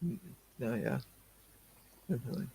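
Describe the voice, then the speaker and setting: A man's voice: mid-range voice, big pitch swings, measured pace, dark tone, husky, poor audio. A man from Australia co-hosting a casual live-stream chat, mumbling and often trailing off mid-word before restarting. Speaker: co-host answering viewer questions.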